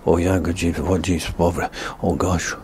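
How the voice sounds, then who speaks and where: A man's voice: deep voice, level tone, a little slow, darkish tone, a little hiss or hum. A man mocking a mumbling dim zombie. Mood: dull mumbling. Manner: vacant, muttering agreement.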